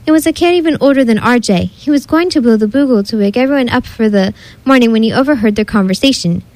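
A woman's voice: on the high side, quick pace, no echo, rough recording. Woman narrating a children's story. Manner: expressive, animated reading.

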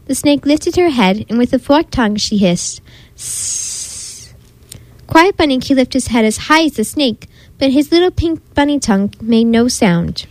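A woman with a high voice reads a children's picture book aloud, gentle and expressive, playfully imitating animal sounds as she goes. The recording is dry and close, with no room sound. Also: dry recording, rough recording. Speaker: storybook reader.

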